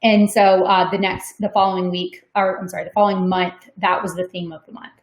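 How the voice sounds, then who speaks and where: A woman's voice: on the low side, little pitch movement, brisk. A woman answering audience questions in a webinar, talking casually with many ums and likes. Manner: conversational, frequent "um" and "like", laughs easily. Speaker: sales development manager on a webinar. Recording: echoey room.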